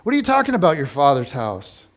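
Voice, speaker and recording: A man's voice: on the high side, wildly swooping pitch, fast talker, voice pushed down. A man voicing a group of baffled male disciples who can't believe what they're hearing. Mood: incredulous.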